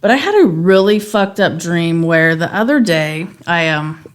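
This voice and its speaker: A woman's voice: lowish voice, lively intonation, a little slow. A woman and mother co-hosting a podcast, telling long stories in casual chat with plenty of fillers. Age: adult mother. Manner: chatty storyteller, lots of fillers. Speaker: podcast co-host.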